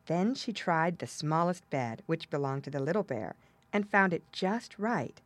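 A woman narrating a children's fairy tale in a measured storytelling manner. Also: low-pitched, animated, no echo. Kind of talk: storybook reading.

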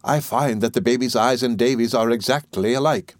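A man voicing a gentle, meek young mother who speaks softly and hesitantly in a storybook reading. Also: medium pitch, brisk, no room sound, clean studio sound, natural voice. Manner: soft, hesitant, placating.

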